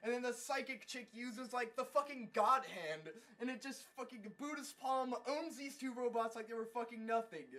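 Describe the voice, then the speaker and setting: Very high-voiced man, rambling and profane. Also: normal speed, few pauses, bright, forceful tone. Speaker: anime reviewer. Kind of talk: casual comedic episode recap.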